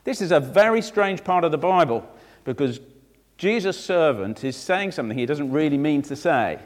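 A man's voice: fairly high pitch, lively intonation, normal speed, in a large hall. A man, a vicar, preaching a sermon with rhetorical questions and direct asides to children.

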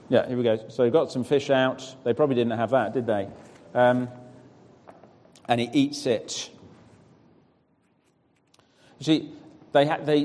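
A man at a middle pitch leads the reading and questioning. His voice carries a long reverb, as if heard across a church hall. He pauses for answers and encourages the people in front of him. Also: a little mellow. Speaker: preacher. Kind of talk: scripture reading and interactive teaching.

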